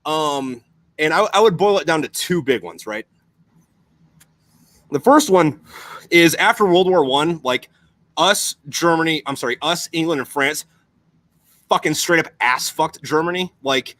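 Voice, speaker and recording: A man's voice: fairly high pitch, measured pace, long pauses, no room sound. A young man chatting casually on a podcast, rambling and swearing constantly as he explains things. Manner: profane, rambling, animated.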